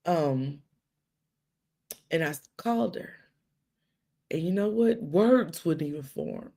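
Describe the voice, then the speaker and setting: A middle-aged woman hosting a live stream, telling stories with quoted dialogue and hushed asides. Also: low voice, takes it slowly, vocal fry, pauses often. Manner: animated storytelling with quoted dialogue and dramatic hushes. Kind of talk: casual live-stream talk.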